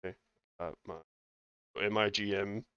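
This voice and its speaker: A man's voice: on the low side, level tone, normal speed, clear, resonant tone, no room sound, highs cut off. A man co-hosting a casual podcast, rambling with lots of fillers, laughing and swearing as he goes. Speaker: podcast co-host.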